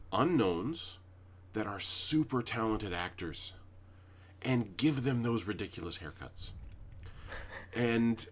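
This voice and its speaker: A man co-hosting a podcast, talking casually, emphatic and heavy on swearing. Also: on the low side. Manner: profane, emphatic, with frequent fillers. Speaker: podcast co-host. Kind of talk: casual chat.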